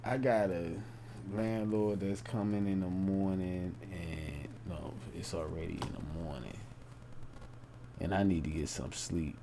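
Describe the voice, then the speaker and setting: A young man talks on a late-night live stream, rambling and circling back over the same points. His voice is low, dark and gravelly, and he speaks slowly. A faint hiss sits behind him. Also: steady tone. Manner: rambling, repetitive, informal speech.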